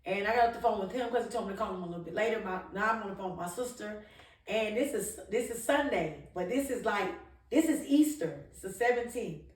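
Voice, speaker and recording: A woman's voice: mid-range voice, animated, brisk, distant mic. A woman speaking a little away from the mic in a roomy, echoey space. She tells a candid personal story in an emphatic, chatty way. Her sentences often restart. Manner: emphatic, conversational, with frequent restarts and laughs. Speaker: vlogger telling her birth story.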